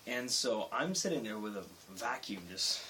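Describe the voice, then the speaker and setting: A young man vlogs late at night, rambling through a work story, interrupting himself and shouting out acted quotes. His voice is mid-range and lively, at normal speed. He sits a bit off-mic and far away, with faint hiss.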